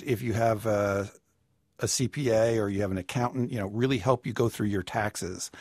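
A man on a radio call-in show, giving personal finance advice in a measured, explanatory way. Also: medium pitch, darkish tone, breathy edge, dry recording, clean studio sound. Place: radio studio.

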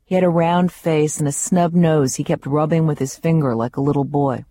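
A woman reading her own memoir aloud, wry and vivid in her storytelling. Her voice is warm and mellow, recorded close and dry with no room sound. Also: low-pitched, fairly even intonation, moderate pace, no echo.

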